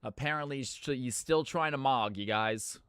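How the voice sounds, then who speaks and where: A male streamer chatting playfully with viewers and shoutcasting a custom game with hype. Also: medium pitch, normal speed, smooth, no room sound, clean studio sound. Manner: playful, joking, laughs often, turns hype when casting. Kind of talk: live stream chat and esports play-by-play.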